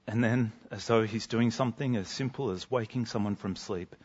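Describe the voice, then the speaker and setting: A man preaching a sermon in an earnest, emphatic way, dropping to soft, slow lines for drama. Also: lowish voice, husky, dull audio.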